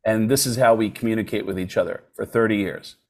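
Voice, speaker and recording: Animated man telling comic stories. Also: on the low side, fast. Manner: animated storyteller who slips into voices. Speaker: comedian guest. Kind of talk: casual podcast storytelling.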